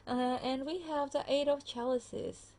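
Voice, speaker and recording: Woman, tarot reader, gravelly fry, tired, chatty, lots of ums, talks to viewer, phone camera. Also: sits high, darkish tone. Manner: chatty, many fillers and restarts, addresses viewer directly. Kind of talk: casual pick-a-card tarot reading.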